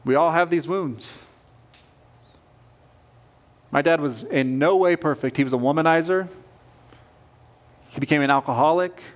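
Man, pastor, earnest conversational sermon, high voice, middle-aged. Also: unhurried, pauses often.

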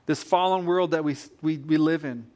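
A male pastor delivering a sermon in an animated way, repeating phrases for emphasis. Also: a little high, moderate pace.

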